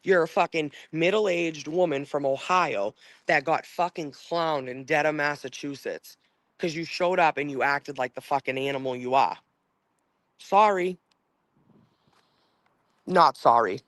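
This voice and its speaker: Male streamer, angry rambling profane rant, slightly high pitch, dry close-mic sound. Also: moderate pace, a bit bright, dry recording. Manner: reads and answers chat comments. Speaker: livestream host. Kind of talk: casual livestream rant.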